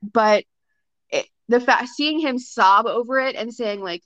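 On a podcast as a guest, a young woman with a somewhat high, slightly bright voice speaks unhurriedly. Chatty and full of fillers, she keeps acting out short quotes. The sound is dry and a bit dull, with no room sound.

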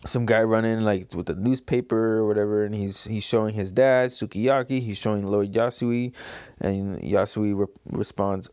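A man's voice: lowish voice, fairly even intonation, measured pace, dark tone, clear, resonant tone, no room sound, studio quality. A man casually reading through a comic and describing its pages, with loose, filler-laden talk. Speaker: comic reader, video host.

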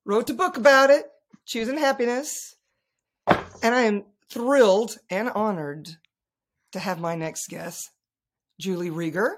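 A woman's voice: medium pitch, a little slow, long pauses. A woman with a Southern US accent hosting a podcast, chatty and playful with frequent giggles. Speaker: podcast host. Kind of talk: casual interview chat.

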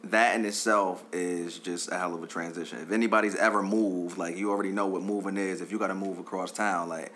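A man, a guest on a podcast, talking in a relaxed, slangy way. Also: low-pitched, a little fast, hardly any pauses, slight background noise. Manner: laid-back, slangy, with "you know what I'm saying". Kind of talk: casual podcast chat.

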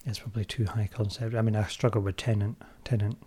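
A man's voice: lowish voice, flat delivery, fast talker, breathy edge. A man with a soothing, lilting Scottish accent, co-hosting a casual film review chat in a playful, chatty way. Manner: chatty, playful, bursts into mock shouting. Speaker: podcast co-host.

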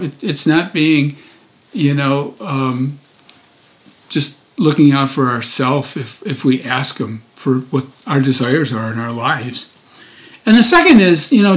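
A deacon in his sixties giving a chatty, informal daily gospel reflection, full of fillers and restarts. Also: a little high.

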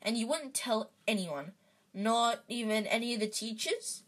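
A woman reading the lines of an anxious young schoolboy who speaks plainly and directly, with a husky voice. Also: a little high, unhurried.

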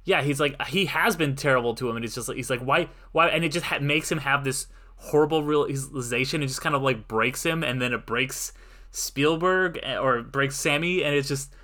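A man's voice: medium pitch, brisk, bright, forceful tone. A man co-hosting a film podcast, talking casually and rambling through his thoughts with many restarts. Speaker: podcast co-host. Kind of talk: casual film review chat.

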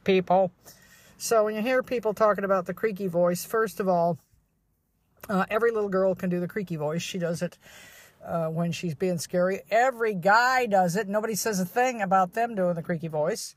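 A woman's voice: lowish voice, normal speed, no room sound. A woman hosting her own podcast, talking in a rambling, chatty way with blunt, outspoken asides. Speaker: podcast host. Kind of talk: casual solo podcast monologue.

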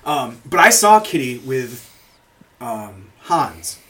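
A man's voice: medium pitch, very animated, slow, pushed and bright. A man hosting a podcast, chatting casually and rambling through stories with frequent swearing and laughter. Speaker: podcast host. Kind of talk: casual chat.

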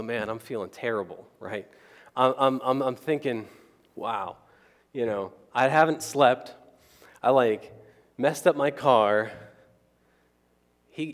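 Man preaching in a reverberant hall. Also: mid-range voice. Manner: conversational, keeps asking the crowd "right?". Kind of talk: storytelling sermon.

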